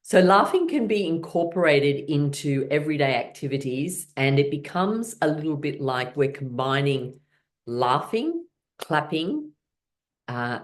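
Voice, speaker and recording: A woman with a low voice that rises and falls a lot leads a guided laughter exercise class. She coaches her listeners gently, keeping the tone encouraging and playful.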